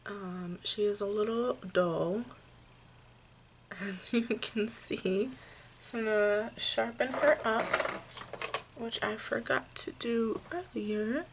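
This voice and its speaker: A woman talks through a makeup tutorial at an unhurried pace, calmly explaining each step with plenty of "um"s. Her voice has a gravelly, fry-tinged edge, and a faint hiss of room noise sits behind her. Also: mid-range voice. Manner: slow, gentle step-by-step explaining with fillers. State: hiccups. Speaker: makeup vlogger.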